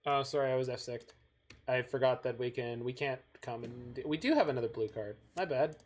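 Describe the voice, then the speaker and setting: A man's voice: mid-range voice, normal speed, soft background music. A man from Canada chatting casually while he plays a card game on stream and thinks aloud. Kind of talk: casual gameplay chat.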